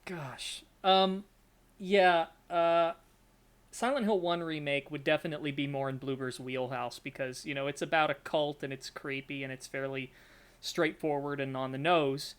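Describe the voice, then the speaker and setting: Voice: medium pitch, steady tone, moderate pace, clear, resonant tone. A podcast co-host chatting casually, rambling and searching for words. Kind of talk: casual chat.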